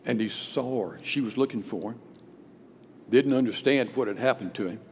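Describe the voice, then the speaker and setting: A male pastor preaching a sermon, emphatic, swinging between loud declarations and hushed storytelling. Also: medium pitch, moderate pace. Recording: long hall reverb with faint background noise.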